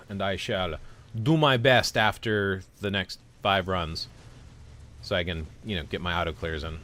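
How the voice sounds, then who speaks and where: A young man hosting a game stream, talking loosely with his chat. His voice sits a little low, and he rambles, restarts and loops back mid-thought. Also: unhurried, sharp tone. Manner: rambling, self-interrupting storyteller. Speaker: gaming livestream host. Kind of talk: casual chat with viewers.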